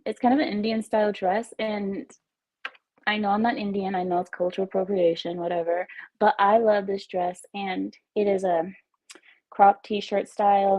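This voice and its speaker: A woman's voice: medium pitch, dark tone, poor audio. A woman from Texas, hosting a casual livestream from home on wireless earbuds, chatting and giggling as she reads viewer comments. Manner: chatty, giggly, self-teasing. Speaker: livestream host.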